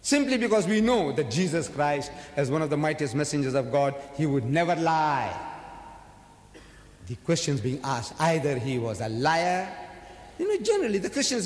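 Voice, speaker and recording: Male lecturer, emphatic and rhetorical, recorded echoey and roomy from far off. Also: on the high side. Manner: emphatic, rhetorical, swings between loud and soft. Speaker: religious lecturer. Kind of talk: public lecture.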